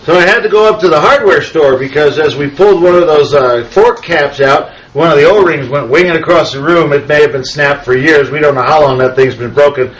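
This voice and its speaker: A man's voice: a little high, brisk, hardly any pauses, rough recording. A man hosting a motorcycle webcast, telling a rambling story and showing repair steps in a casual way. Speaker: host. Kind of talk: casual how-to chat and storytelling.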